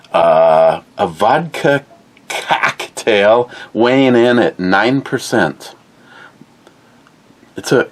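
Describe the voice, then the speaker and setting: A man hosting a casual review vlog, talking in an unhurried way and searching for words with fillers as he describes a drink. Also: lowish voice.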